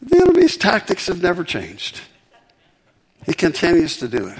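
A man preaching a sermon with emphatic, animated delivery and frequent repetitions. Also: sits high, moderate pace, long pauses, husky.

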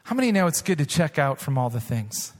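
A man pastor preaching a sermon, reading scripture slowly and with weight, rising to impassioned shouts and dropping back to a softer tone. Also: fairly high pitch, big pitch swings. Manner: impassioned preaching, swells to shouts then drops soft; drawn-out emphatic reading of scripture. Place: church sanctuary. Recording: long reverb of a large hall.

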